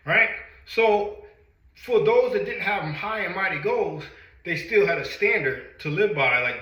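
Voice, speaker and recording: A middle-aged male fitness coach, still winded from a workout, talks straight to his viewers with energy. His voice sits a little high and rings bright and forceful. The room around him is echoey. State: out of breath after a workout. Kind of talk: motivational talk to camera.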